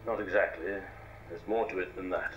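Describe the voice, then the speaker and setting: An actor playing a calm, mysterious male mentor who speaks slowly and in measured pauses, in film dialogue. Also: low-pitched, muffled recording, faint music behind, natural voice. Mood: cryptic. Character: cryptic calm male mentor revealing secrets.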